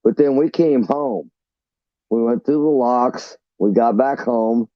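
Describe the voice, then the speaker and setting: A man's voice: medium pitch, slow pace, no echo, highs cut off. A man casually telling rambling, profane stories about his navy days on a live chat.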